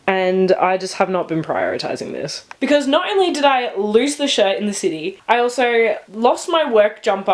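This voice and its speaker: A woman's voice: on the high side, recorded from a distance. A young Australian woman telling a story to camera in a casual vlog, chatty and emotional, laughing often and swearing now and then. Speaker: vlogger. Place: her bedroom, indoors. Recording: echoey room, camera set back.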